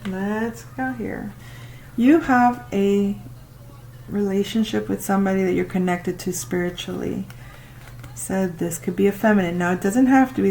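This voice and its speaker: A woman doing a casual tarot reading, talking to the listener and reacting out loud with exclamations as she turns the cards. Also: mid-range voice, a little hiss or hum, low-quality recording. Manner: chatty, exclaims and laughs while reading cards. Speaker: tarot reader.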